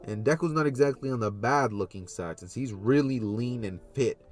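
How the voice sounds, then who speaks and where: A man's voice: mid-range voice, normal speed, faint music behind. A man casually narrating a fan story, rambling with many fillers and loose links.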